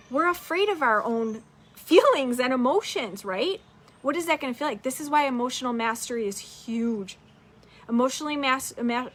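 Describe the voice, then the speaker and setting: A woman's voice: on the high side, fairly bright tone. A woman business coach giving a casual, upbeat motivational talk, swearing freely and talking straight to her listeners.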